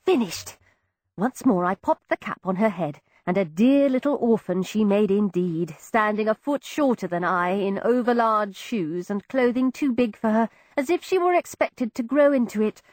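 A woman giving expressive first-person narration of an audiobook, voicing each character. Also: medium pitch, normal speed, hardly any pauses, no echo, studio quality.

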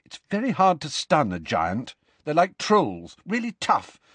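A man's voice: on the high side, huge pitch swings, a little slow, fairly bright tone, slightly rough, no room sound, pitched above the performer's own voice, exaggerated voice. A man voicing an anxious, earnest teenage schoolgirl witch who speaks shakily, as if near tears. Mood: shaky. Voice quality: shaky, tearful.

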